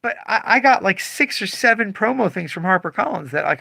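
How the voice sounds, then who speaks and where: A man's voice: high-pitched, fairly quick, gravelly, no room sound. A man who owns a comic shop, talking casually on a livestream and acting out customers' voices. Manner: animated, acts out customer voices.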